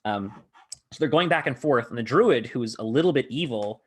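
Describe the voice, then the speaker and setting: Here the podcast host, also a game master, chats loosely about a tabletop session he led, full of filler words and frequent laughter. He speaks with a medium-pitched, animated, husky voice at a brisk pace.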